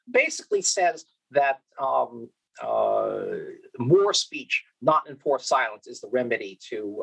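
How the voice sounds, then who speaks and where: The recording is low quality, and the man's mid-range voice has vocal fry and some roughness. Giving a conference keynote, he keeps things lively with rhetorical questions, restarts, and repeated "okay?" to the audience.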